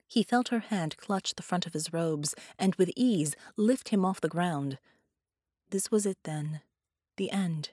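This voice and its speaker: A woman narrating dark fiction in a measured, grave storytelling manner. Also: lowish voice, no room sound, clean studio sound. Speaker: audiobook narrator.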